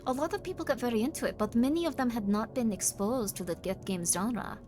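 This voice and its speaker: A woman streamer putting on a stern voice with a thick mock German-Russian accent, dropping articles and speaking in a flat, deadpan way as she chats with her viewers. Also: mid-range voice, faint music behind, lightly acted. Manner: drops articles, slow, deadpan menace played for laughs. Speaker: streamer reading chat. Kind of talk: live stream chat.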